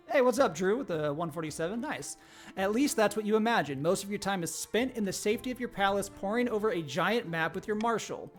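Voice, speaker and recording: A man's voice: sits high, animated, brisk, faint music behind. A man hosting a game stream, reading the story text aloud and chatting with players between passages. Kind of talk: game narration and casual chat.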